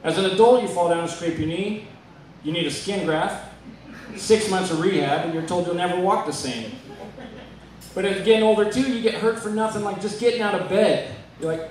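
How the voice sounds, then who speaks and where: A man from Arizona doing a stand-up comedy set, telling deadpan stories with self-deprecating punchlines. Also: sits high, a little fast. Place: comedy club stage. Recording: echoey club from a distant mic.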